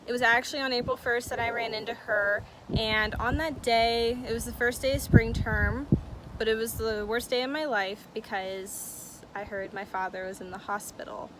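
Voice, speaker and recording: A woman's voice: on the high side, steady tone, moderate pace, background noise. A young woman telling a personal story-time on her vlog, bubbly and giggly, often saying "like" and "oh my gosh". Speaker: vlogger.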